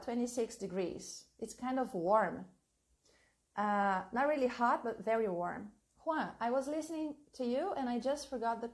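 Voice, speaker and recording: A young woman teaching a live online English class, reading chat questions and repeating them slowly and encouragingly for dictation. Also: a little high.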